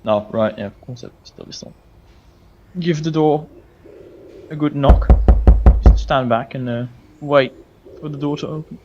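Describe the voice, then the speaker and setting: A man's voice: fairly high pitch, a little slow, long pauses, warm tone, lo-fi sound, a little hiss or hum. A man playing in a tabletop role-playing game, speaking hesitantly with many fillers. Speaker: player. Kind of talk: in-character tabletop play.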